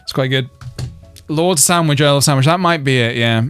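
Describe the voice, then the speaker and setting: A man's voice: mid-range voice, normal speed, fairly bright tone, smooth, dry recording, faint music behind. A man chatting casually on a game stream, rambling through jokes and reading chat messages aloud.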